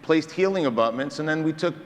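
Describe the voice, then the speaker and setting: A man's voice: fairly high pitch, expressive, brisk. A male surgeon giving a conference lecture to dentists, engaging the audience with questions and stories. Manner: engaging storyteller, quizzes the audience. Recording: reverberant hall, faint ambience.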